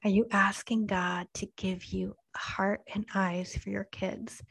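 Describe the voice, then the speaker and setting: A woman in her thirties speaks to mothers in an earnest devotional talk. She takes her time, leaning on each phrase with unhurried emphasis. Her voice sits at an ordinary middle pitch and at moments sinks to a soft, hushed near-whisper. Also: flat delivery, gravelly, slightly rough, rough recording.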